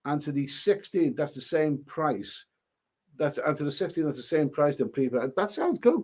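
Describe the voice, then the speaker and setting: An animated man with a higher, darkish voice speaks at a moderate pace while reading out chat on his live stream. His casual rambling is full of stumbles and repeated words.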